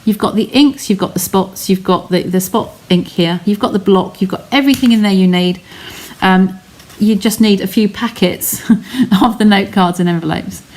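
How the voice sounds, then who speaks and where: A woman's voice: medium pitch, moderate pace, hardly any pauses, darkish tone. A woman hosting a live craft stream from her home studio, explaining each step in a chatty way and talking to her viewers.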